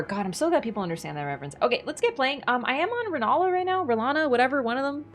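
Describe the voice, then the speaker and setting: A woman's voice: sits high, sing-song, rapid-fire, hardly any pauses. Chatty, swearing young woman streamer. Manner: chatty, swears, laughs often. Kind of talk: gaming stream commentary.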